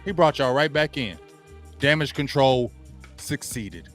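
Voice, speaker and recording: A man talks sports in a blunt, slangy monologue, hammering the same points over and over. His voice sits at an ordinary middle pitch. Faint music plays behind him. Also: expressive, unhurried, a bit bright. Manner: blunt, slangy, repeats himself for emphasis. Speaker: sports talk show host. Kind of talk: opinionated sports talk monologue.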